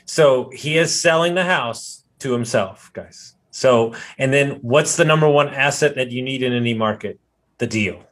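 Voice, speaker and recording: A man's voice: medium pitch, fairly bright tone. Emphatic male podcast host. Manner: recaps for listeners, emphatic, repeats points slowly. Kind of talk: podcast interview.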